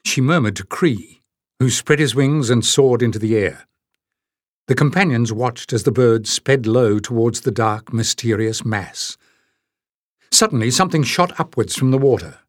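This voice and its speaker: Reading a fantasy audiobook at a moderate pace, this male narrator uses lively intonation and a mid-range voice, dramatizing the story and raising his voice for each character. The studio-quality recording has no echo.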